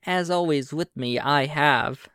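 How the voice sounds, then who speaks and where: A man's voice: on the high side, slow, fairly bright tone, clean tone, dry recording, clean studio sound. A man hosting a podcast as game master, narrating a tabletop game in an easygoing way with frequent fillers.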